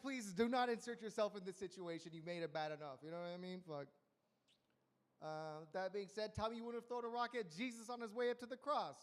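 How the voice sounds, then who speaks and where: High-voiced young man doing crude stand-up. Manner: crude, rambling, deadpan punchlines. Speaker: stand-up comedian. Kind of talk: stand-up set at an open mic.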